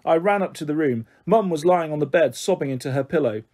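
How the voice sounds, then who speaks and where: Man, audiobook narrator, calm measured storytelling, slightly high, husky. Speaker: audiobook reader. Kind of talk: first-person storybook narration.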